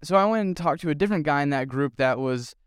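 A young man retells his story earnestly, rambling with fillers. His voice sits fairly high and sounds smooth and clear, recorded dry and close. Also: lively intonation, quick pace, no echo. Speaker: youth pastor. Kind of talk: casual storytelling vlog.

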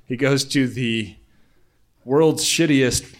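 A man's voice: mid-range voice, takes it slowly. A man co-hosting a casual, laid-back podcast, cracking jokes in a mid-range voice. He rambles a little, restarts his sentences and laughs often. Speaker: podcast co-host. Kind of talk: casual comedic chat.

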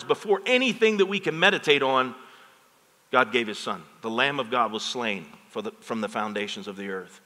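Bright-voiced preaching pastor, man, in hall reverb. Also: mid-range voice. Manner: preaches with call-and-response asides to the congregation. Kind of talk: sermon. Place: church sanctuary.

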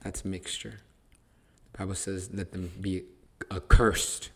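A man's voice: low voice, monotone, measured pace, darkish tone. A man hosting a podcast, teaching the Bible in casual conversation, emphatic and repetitive, restarting phrases to stress them.

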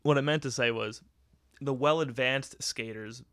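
A podcast host rambles through a loose solo monologue, swearing freely and laughing a lot. His medium-pitched voice is fairly bright and moves at normal speed, recorded dry and close with no room around it.

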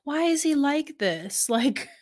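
A woman co-hosting a podcast in casual recap chat, animated, swearing freely and acting out quotes from the episode. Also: high voice, slow. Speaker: podcast co-host.

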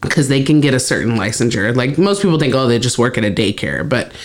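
A woman co-hosting a podcast, talking reflectively in a rambling casual chat with many pauses and fillers. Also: very deep voice, very animated. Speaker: podcast co-host.

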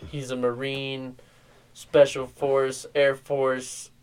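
A man's voice: medium pitch, monotone, takes it slowly, darkish tone, smooth. A man on a podcast, casually recapping a bad movie, rambling and retelling scenes. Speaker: podcast co-host. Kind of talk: casual movie review chat.

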